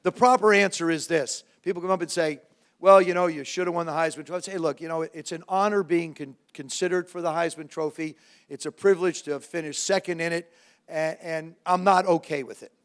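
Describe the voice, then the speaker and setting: A man around seventy, from New Jersey, telling lively, self-mocking stories to a live audience as a former quarterback and guest speaker. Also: on the high side, a little fast. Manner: lively anecdotes with self-mocking humor, frequent restarts. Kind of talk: storytelling talk to a live audience.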